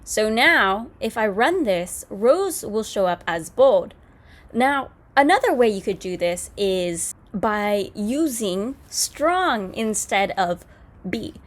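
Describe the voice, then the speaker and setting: A woman's voice: mid-range voice, animated, slow. Casual woman teaching code. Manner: casual, explanatory, with fillers and self-corrections. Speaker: coding tutorial host. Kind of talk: screen-recorded coding lesson.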